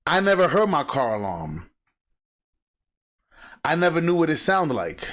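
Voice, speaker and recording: A man hosting a reaction video, talking emphatically and acting out sounds and quotes in animated commentary. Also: fairly high pitch, a little slow.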